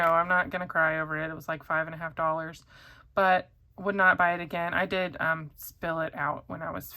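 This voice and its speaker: A woman's voice: lowish voice, pushed and bright. A woman chatting casually to camera as a pen reviewer, rambling with many ums and likes.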